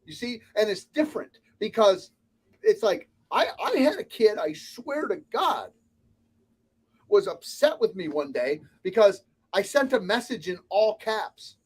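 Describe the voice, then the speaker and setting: A man's voice: high-pitched, big pitch swings, a little slow, husky. A man, a restaurant consultant, giving blunt, emphatic advice as a guest in a casual interview. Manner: blunt, emphatic, lists points.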